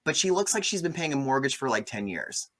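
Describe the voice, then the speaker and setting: A man hosting a casual movie review chat, animated and gossipy, often swearing. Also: medium pitch, a little fast. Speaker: host.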